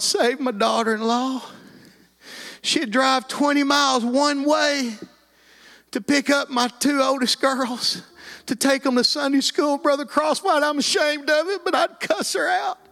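A middle-aged Texan with an East Texas accent gives an emotional personal testimony, telling his life story as an earnest, plainspoken guest. His voice is very high-pitched, pushed and bright.

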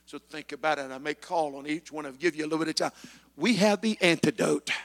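A man preaching a sermon as pastor, building to shouted passages with scripture quotes in a church. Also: a little high, steady tone, quick pace, big-room sound. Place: church sanctuary.

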